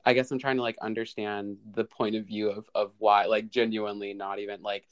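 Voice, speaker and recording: A man in a heated panel debate, talking in bursts, restarting his sentences and jumping up to high exclamations. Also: fairly quick, clear, resonant tone. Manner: lively, restarts often, rising to high exclamations.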